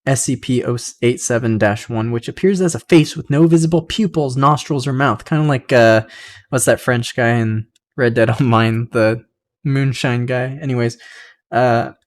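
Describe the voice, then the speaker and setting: A man's voice: mid-range voice, moderate pace. A young man hosting a podcast, casually reading aloud and rambling with side comments. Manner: rambling, many fillers, laughs at own asides. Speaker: podcast host.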